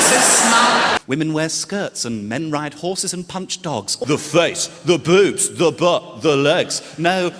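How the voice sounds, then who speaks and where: Camp, high-pitched male stand-up comic. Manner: camp, crude, animated storytelling. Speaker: comedian. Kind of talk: stand-up comedy. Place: stage in a large venue. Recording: echoey hall with audience noise.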